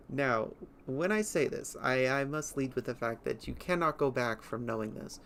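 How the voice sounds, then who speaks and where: Slow, chatty streamer. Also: medium pitch, a bit bright, a little hiss or hum. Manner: chatty, nerdy, rambling with giggles. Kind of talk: livestream gameplay commentary.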